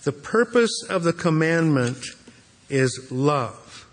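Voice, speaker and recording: A man's voice: a little high, lively intonation, takes it slowly. A man preaching an expository sermon as a pastor, earnest and repeating words as he restarts. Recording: long hall reverb.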